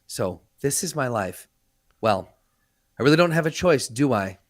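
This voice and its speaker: A man's voice: medium pitch, animated, moderate pace, no room sound, studio quality, pitched below the performer's own voice, natural voice. A man voicing a bossy young woman who casts a spell, in a comedic anime dub parody, talking in a curt, bossy way. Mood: resigned.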